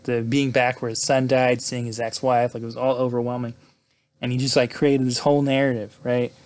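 A man in casual conversation, recounting a story in a loose, chatty way. He swears freely and keeps checking in with "right?". His voice sits at an ordinary middle pitch. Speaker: podcast host recapping a film. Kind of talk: casual retelling.

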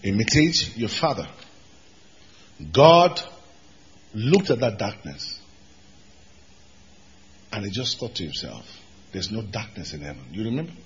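Emphatic pastor in a reverberant hall. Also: male voice, very animated, unhurried, long pauses, muffled recording. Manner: emphatic, swings from shouts to low asides. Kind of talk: sermon.

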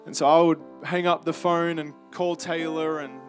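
Earnest Australian man, slightly high voice. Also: fairly even intonation, soft background music. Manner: earnest, halting, emotional storytelling with restarts. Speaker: campus ministry speaker. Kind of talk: personal testimony sermon.

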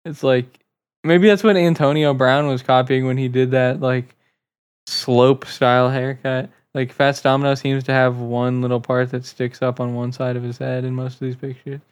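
A man's voice: mid-range voice, flat delivery, moderate pace, smooth. A young man co-hosting a podcast, making blunt, joking and profane quips in casual chat. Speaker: podcast co-host.

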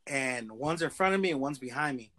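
A man's voice: mid-range voice, brisk. Profane man telling a street story. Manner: profane, animated street slang. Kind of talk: casual storytelling.

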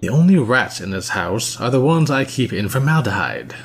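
A woman's voice: rumbling low, expressive, moderate pace, slightly rough, voice pushed down, heavily acted. A woman voicing an impatient, condescending male professor who speaks curtly, in dramatic storytelling. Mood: curt, dismissive. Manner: curt and dismissive.

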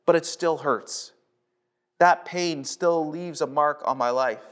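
In a conversational sermon, a North American pastor speaks slowly with a somewhat bright voice. He frequently repeats words at the start of a thought and climbs sharply in pitch when recounting a story.

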